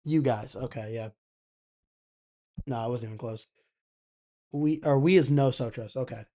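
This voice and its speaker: A young man hosting a casual election night live stream speaks at an ordinary middle pitch and a measured pace, his tone mellow and warm. Chatty and easygoing, he thinks aloud and reads viewers' chat comments between updates.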